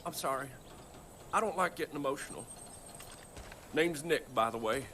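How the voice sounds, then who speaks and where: A desperate pilot from a video game, pleading and swearing as he begs for help. His voice is high and bright. Faint noise hums behind him. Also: big pitch swings, moderate pace, heavily acted. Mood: subdued pleading. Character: desperate young father, frantic pilot.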